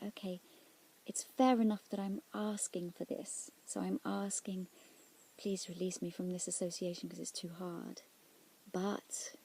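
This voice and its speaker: Soft, gravelly woman, half-whispered. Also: mid-range voice. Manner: soft-spoken, drops often into near-whispers; halting and searching, with restarts. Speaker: Christian speaker sharing a prayer experience. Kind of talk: reflective personal testimony.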